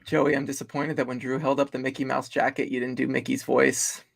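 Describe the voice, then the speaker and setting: Gravelly joking co-host. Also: male voice, mid-range voice, flat delivery, a little fast. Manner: joking, upbeat. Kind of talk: casual live stream chat.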